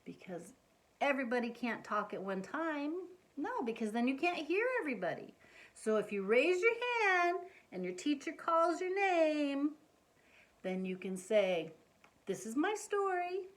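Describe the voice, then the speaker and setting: A woman reading a picture book aloud to young children, gently coaxing them with questions as she points things out. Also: high-pitched, sing-song, unhurried. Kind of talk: children's read-aloud storytime.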